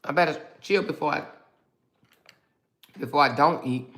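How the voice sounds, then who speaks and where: A woman hosting a casual livestream snacks while she talks, reading out viewer comments and firing back with sassy mockery. Her voice sits low and a bit bright, and she speaks unhurriedly.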